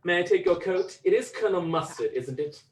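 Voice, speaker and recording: A prim, courteous butler with a stiff English accent, played by a man in a live script reading. His voice sits a little high and moves at a measured, careful pace. Every line sounds formal and correct. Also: animated. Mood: polite formal. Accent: put-on English.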